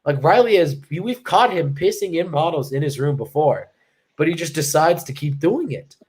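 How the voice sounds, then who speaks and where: Young guy on a podcast, rambling and swearing, says "like" nonstop, lively casual storytelling. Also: fairly high pitch, moderate pace. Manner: rambling, profane, lots of "like" fillers. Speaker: podcast co-host. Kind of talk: casual storytelling to a live chat.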